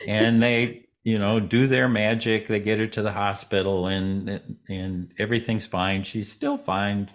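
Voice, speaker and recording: A man, a guest in an interview, telling a story in a relaxed way and acting out the voices of the people in it. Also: fairly low pitch, measured pace, few pauses.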